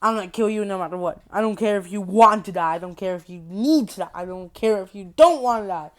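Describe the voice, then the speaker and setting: A woman's voice: medium pitch, fast talker, close to an everyday voice. A woman voicing a menacing male animatronic bear who taunts his victim with repeated threats.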